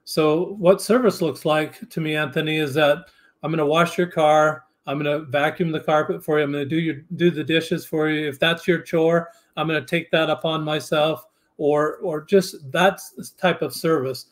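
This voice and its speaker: A man guesting on a podcast, talking earnestly and haltingly with frequent restarts. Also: a little high, fairly even intonation. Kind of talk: casual interview chat.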